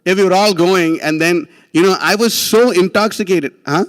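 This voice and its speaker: A man giving a religious class, telling a story in an animated, casual way with many restarts and laughs. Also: high voice, moderate pace, big-room sound.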